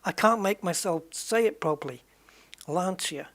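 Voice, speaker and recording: A man hosting a gaming channel rambles casually while playing a racing game, musing aloud, trailing off and correcting himself often. His voice is fairly high and his pace measured.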